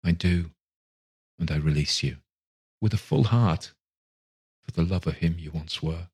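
A man reading a story aloud, voicing a gentle young woman who softly and steadily lets her sweetheart go. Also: sits low, a little slow, slightly rough, full character voice. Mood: gently sorrowful.

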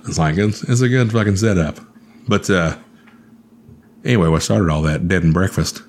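Casting: very low-voiced man, swearing, animated storyteller on a chat show. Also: moderate pace, a little hiss or hum.

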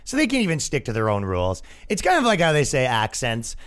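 A male comedian and podcast host riffing in a casual comedic monologue, animated and quick to slip into voices. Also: mid-range voice, smooth.

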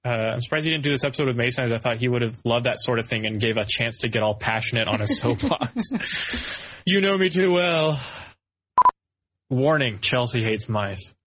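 A man co-hosting a podcast in casual chat, playful and quick to joke, with a husky voice. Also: medium pitch, a bit bright, rough recording. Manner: playful, slips into silly voices. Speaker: podcast co-host.

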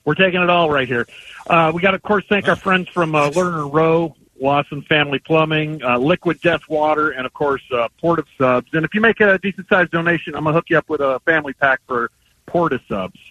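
A man's voice: on the high side, sharp tone, low-quality recording. A man calling in from a remote charity event, upbeat and chatty on a radio show. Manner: upbeat, plugging sponsors in a quick run. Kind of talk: casual radio chat.

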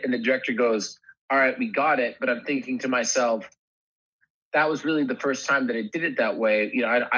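A man, an actor, chatting in an interview, halting and restarting his sentences often. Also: medium pitch, fairly bright tone, breathy edge, muffled recording. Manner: halting, many restarts and fillers. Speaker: actor guest. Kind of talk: casual interview chat.

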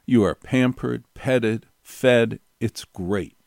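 A man's voice: medium pitch, slow pace, gravelly, a little mellow, no room sound, studio quality. A middle-aged man telling a personal anecdote in a wry, digressive way, circling back and repeating key phrases for effect. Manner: wry, digressive, building stories with repetition. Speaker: storyteller.

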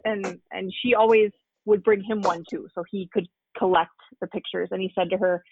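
Chatty mom guest, casual storyteller, heavy on fillers, muffled dry sound. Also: female voice, medium pitch, brisk, slightly rough, no room sound. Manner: chatty, many fillers and restarts. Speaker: guest, mother of a young fan.

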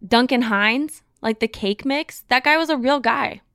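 A woman's voice: on the high side, measured pace, a bit bright, smooth, no echo. A woman from Kentucky hosting a casual podcast chat, joking and laughing often. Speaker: podcast host.

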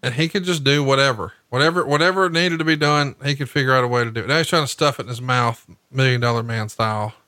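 A man co-hosting a podcast, telling animated, profane stories while commenting on a match. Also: medium pitch, quick pace, hardly any pauses, no room sound. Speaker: podcast co-host. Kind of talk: casual commentary while watching wrestling.

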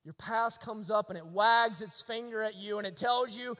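A man preaching a sermon, swinging from hushed near-whispers to emphatic shouts and asking the congregation rhetorical questions. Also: high voice, normal speed, few pauses, long reverb tail. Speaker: pastor. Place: church sanctuary.

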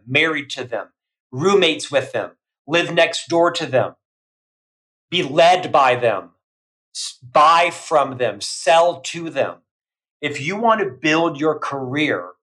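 A middle-aged man with a fairly high voice talks loud and fast as a podcast guest. He drives his points home in emphatic lists, with tireless energy. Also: low-quality recording. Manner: loud, emphatic, listing in bursts. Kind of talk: energetic interview talk.

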